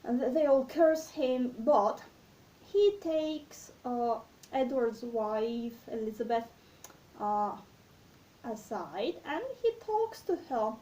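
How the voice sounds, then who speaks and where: A woman hosting a literature talk, explaining a play slowly and reflectively, hesitant, with many fillers and restarts. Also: fairly high pitch, expressive, mellow. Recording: voice distant from the mic.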